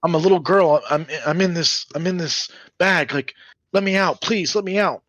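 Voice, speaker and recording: Man playing a shrill, spoiled young woman acting like a little kid; high and whiny. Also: normal speed, fairly bright tone, no echo, lo-fi sound. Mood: pleading. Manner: bossy then pleading.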